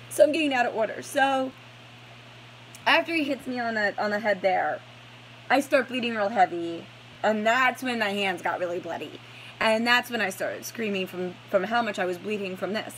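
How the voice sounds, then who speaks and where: Halting woman recounting trauma, faint hiss. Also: mid-range voice, fairly bright tone, low-quality recording. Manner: halting, many fillers and restarts, blunt swearing. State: headache, stressed. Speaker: survivor telling her story. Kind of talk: personal storytelling to camera.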